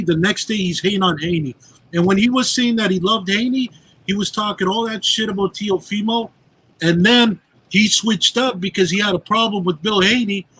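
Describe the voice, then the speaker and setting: A man's voice: high voice, a bit bright, husky, rough recording. A man calling into a live chat, ranting heatedly and accusing someone at length. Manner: heated, accusing rant with cursing. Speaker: call-in guest. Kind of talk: casual chat.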